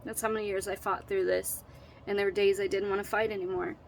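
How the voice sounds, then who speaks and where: Woman, middle-aged, gravelly voice with faint background noise; tearful, halting personal storytelling. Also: medium pitch, level tone. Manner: earnest, emotional, halting with restarts. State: tearful, holding back crying. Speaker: vlogger telling her own story.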